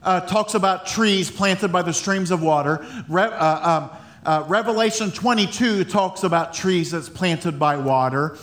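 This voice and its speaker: High-voiced man preaching casually. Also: a bit bright. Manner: conversational, laughs often, halting restarts. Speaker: pastor. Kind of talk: sermon.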